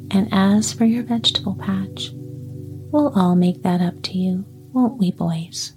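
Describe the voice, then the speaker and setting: A woman's voice: mid-range voice, measured pace, music in the background, lightly acted. A woman voicing a jolly, persuasive male pumpkin leader in a whispered role-play storybook reading. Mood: coaxing. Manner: coaxing, winning.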